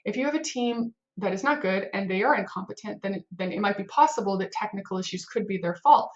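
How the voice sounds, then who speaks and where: A woman's voice: mid-range voice, fast. Chatty woman with a slightly dull sound. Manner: rambling, lots of fillers and acted-out inner panic. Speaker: head of a web development team. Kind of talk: casual advice talk to camera.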